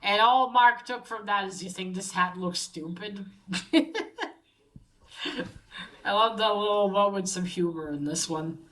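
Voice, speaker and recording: A woman casually recapping a story aloud, halting with many fillers and restarts. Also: medium pitch, a bit bright, poor audio.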